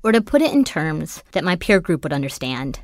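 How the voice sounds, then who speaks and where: A woman's voice: low voice, very animated, a little fast, no echo. A woman hosting a podcast, narrating from a script with wry, dry humor. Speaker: podcast host.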